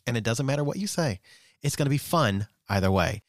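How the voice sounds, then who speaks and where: A man's voice: medium pitch, animated, fairly quick, no room sound, clean studio sound. A man hosting a podcast in casual chat, joking playfully while reading sponsor ads. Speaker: podcast host.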